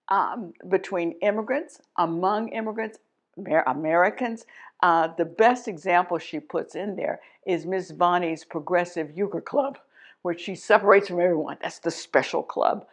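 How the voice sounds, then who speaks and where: A middle-aged woman from Texas talks as an educator about a novel's themes. Her voice sits a little low, and she speaks thoughtfully and emphatically, often restarting phrases and adding asides. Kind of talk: teaching talk to camera.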